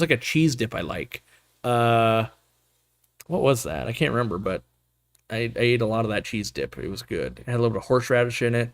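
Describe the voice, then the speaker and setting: A man's voice: medium pitch, no room sound. A man hosting a casual live stream, chatting loosely and answering the chat with fillers and slang. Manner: rambling, upbeat, lots of fillers and slang.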